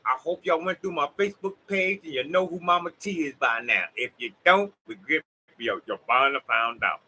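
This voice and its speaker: A man's voice: fairly high pitch, normal speed, sharp tone, husky, low-quality recording. A man with a Southern US accent giving a rambling, preachy motivational monologue straight to his viewers. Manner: preachy, emphatic, talks straight to the audience. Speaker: vlogger.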